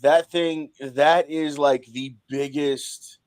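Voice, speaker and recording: A man hosting a podcast in casual chat, relaxed and talkative. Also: on the high side, takes it slowly, rough recording. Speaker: podcast host.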